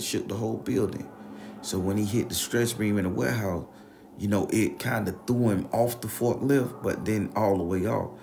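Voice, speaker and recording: A man telling a story in a casual, animated, profane, slang-heavy way. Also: low voice, background noise.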